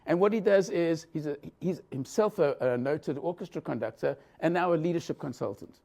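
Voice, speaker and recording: A man's voice: fairly high pitch, a little fast, vocal fry, warm tone. A man giving an engaging leadership lecture, asking his audience questions as he talks. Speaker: leadership professor presenting a session. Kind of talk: lively lecture to a live audience. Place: conference room.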